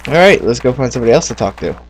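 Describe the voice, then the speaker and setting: A man's voice: mid-range voice, lively intonation, rapid-fire, a little hiss or hum. A man giving casual commentary as he plays a game, chatting and thinking aloud about what to do next. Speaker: gamer.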